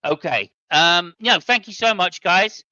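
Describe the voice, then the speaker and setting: A man hosting a casual podcast chat in a high, bright, sharp voice. He comes through a dry, dull lo-fi mic, polite and hesitant, thanking people often. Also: unhurried, dry recording. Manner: polite and hesitant, with many thank-yous and restarts. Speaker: show host.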